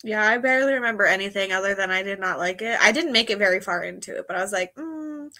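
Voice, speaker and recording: A young woman guest on a live book chat, speaking in a bright, crisp tone at a middle pitch. She is soft-spoken and mostly keeps her replies short. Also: racing. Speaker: guest co-host. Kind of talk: casual live-stream book club chat.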